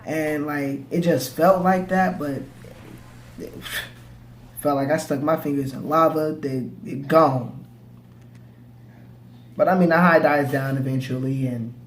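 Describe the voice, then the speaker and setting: A man's voice: mid-range voice, a little hiss or hum. A young man casually telling a personal story in slang, with stammered restarts. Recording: echoey room, faint ambience.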